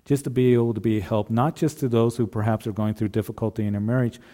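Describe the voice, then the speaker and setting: A man's voice: fairly low pitch, steady tone, fast talker, warm tone. A man preaching a sermon, speaking earnestly and repeating phrases as he addresses the husbands in the congregation. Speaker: pastor.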